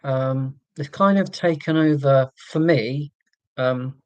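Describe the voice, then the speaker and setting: Male livestream host, chatty and rambling, full of ums, mid-pitched, dry close sound. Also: takes it slowly, a little mellow, clear, resonant tone, dry recording, muffled recording. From Scotland. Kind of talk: casual livestream chat with viewers.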